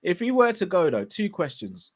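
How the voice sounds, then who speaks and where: A man co-hosting a live fan show, reading out viewer questions in a relaxed way. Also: sits high, moderate pace. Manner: relaxed, laughing, asks questions. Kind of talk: casual live-stream chat.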